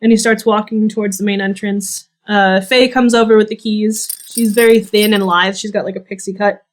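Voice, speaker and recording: A woman narrating as game master of a tabletop game, easygoing and quick to laugh. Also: medium pitch, steady tone.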